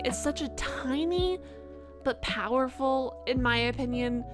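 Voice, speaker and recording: A woman's voice: sits high, normal speed. A young woman live streamer chatting casually at the end of a stream, rambling with lots of fillers and self-mocking asides. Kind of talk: casual stream sign-off chat. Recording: music playing behind.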